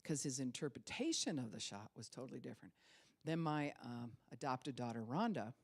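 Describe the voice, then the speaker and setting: A woman's voice: rumbling low, expressive, a little fast, breathy edge. A woman pastor in her sixties preaching a sermon, telling stories with frequent laughter and acting out the people she quotes. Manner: storytelling, laughs often, acts out quoted voices.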